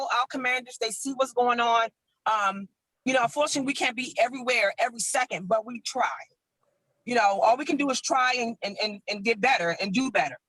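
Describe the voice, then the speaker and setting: A man's voice: very high-pitched, sharp tone, no room sound, rough recording. A man working as a community policing officer, speaking politely and reassuringly with many fillers in an online meeting. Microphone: video call.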